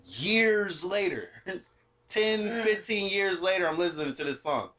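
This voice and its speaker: A man's voice: high-pitched, expressive, a little slow, sharp tone. Blunt, opinionated male podcast co-host. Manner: laid-back, opinionated, blunt with profanity. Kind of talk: casual chat. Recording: dull lo-fi sound.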